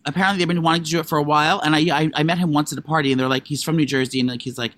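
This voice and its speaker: Guy cohosting a gossip podcast, rambly, lots of likes and ums, gets loud and excited. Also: on the high side, very fast, no room sound. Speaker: podcast co-host. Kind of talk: casual gossip chat.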